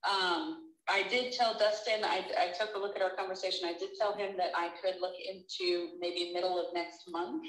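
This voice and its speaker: A woman answering a sales call, polite and measured. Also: lowish voice, steady tone, a bit bright, echoey room, low-quality recording. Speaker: call recipient. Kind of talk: phone conversation.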